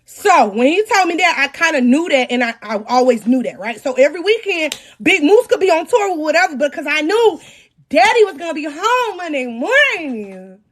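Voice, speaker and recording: A woman in her thirties, casually telling a story to her audience, animated, with her voice swinging from low mutters to loud outbursts. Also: normal speed. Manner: talks to her audience directly. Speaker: storytelling podcast host.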